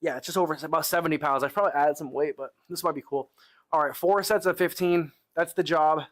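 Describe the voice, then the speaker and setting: A man's voice: fairly high pitch, fast talker. Laid-back young male gym streamer. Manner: laid-back, talks to chat with lots of "bro" and "like". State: tired arms after lifting, sighing between sets. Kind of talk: casual live-stream chat.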